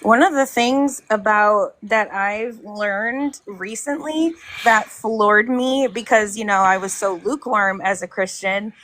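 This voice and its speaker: A woman co-hosting a live show, talking in a relaxed way and laughing easily. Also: medium pitch, takes it slowly, few pauses. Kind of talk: casual livestream chat.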